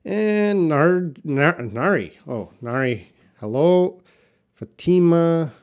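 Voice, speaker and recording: A man's voice: on the high side, expressive, slow. A man from Canada with a Canadian accent, teaching a live-streamed English pronunciation lesson and replying to viewers by name. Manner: talks to chat viewers by name, explains patiently.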